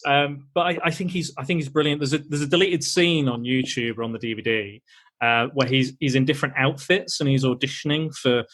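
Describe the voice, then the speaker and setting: A man's voice: medium pitch, fairly quick, fairly bright tone. Rambling, chatty man hosting. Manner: chatty, rambling, frequent fillers and restarts. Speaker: podcast host. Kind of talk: casual chat.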